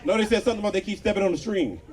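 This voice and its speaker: A man on stage doing stand-up outdoors, his fairly high voice swinging widely as he tells crude stories and acts out the people in them. He works the crowd directly. The sound is caught from a distance, with a loud audience laughing around him. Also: lively intonation, very fast, very noisy. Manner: crude storytelling with voiced quotes, crowd work. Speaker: stand-up comedian. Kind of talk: stand-up comedy set. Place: outdoor patio comedy show.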